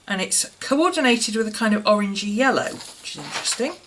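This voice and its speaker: English woman, vlogger, chatty musing review tone, very lively pitch. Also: a little fast. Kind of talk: casual product review chat.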